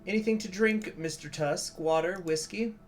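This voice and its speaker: A man's voice: high voice, moderate pace, faint music behind, pitched above the performer's own voice, natural voice. A man voicing a nervous young female secretary who stammers and apologizes. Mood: polite.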